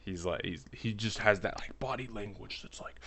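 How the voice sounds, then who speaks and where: Guy with a deep voice rambling through a story at home, says like a lot, super casual. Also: normal speed, slight background noise. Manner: rambling, animated, heavy use of "like". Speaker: vlogger telling a personal story.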